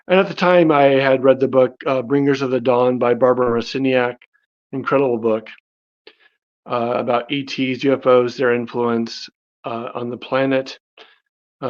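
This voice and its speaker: A man casually telling his life story, animated, with many fillers and restarts. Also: mid-range voice, dull audio. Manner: animated, acts out quoted dialogue in his own voice.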